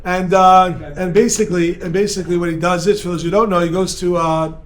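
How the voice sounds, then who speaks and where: A rabbi with a high voice delivers an energetic, joking lecture at a seminar. He bounces between points and banters with the audience in the room. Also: fairly quick, soft background music. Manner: energetic, joking, talks with the crowd. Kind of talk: lively seminar talk to a live audience.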